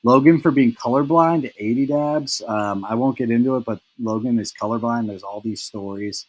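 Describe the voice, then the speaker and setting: A man's voice: mid-range voice, moderate pace, dry recording, rough recording. A young man hosting a casual fantasy football recap, teasing his friends in a rambling way full of "like" and "um.". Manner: teasing, lots of "like" and "um" fillers.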